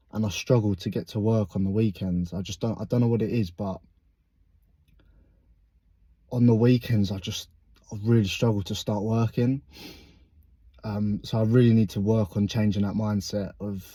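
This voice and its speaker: A man's voice: fairly low pitch, dark tone, dry recording. A young man vlogging after a workout, a bit out of breath, talking in a rambling, self-critical, reflective way. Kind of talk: casual vlog monologue.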